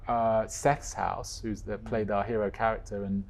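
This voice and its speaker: A man guest telling a story in a casual chat, animated, with quick swings in pitch and loudness. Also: vocal fry. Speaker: guest, co-creator of a stage musical.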